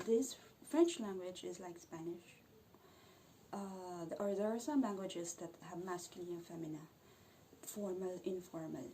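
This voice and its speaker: A woman's voice: medium pitch, warm tone, a little hiss or hum, poor audio. A young Filipino woman with a Filipino accent explaining everyday phrases in a casual lesson, often restarting and correcting herself. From Philippines. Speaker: language vlogger.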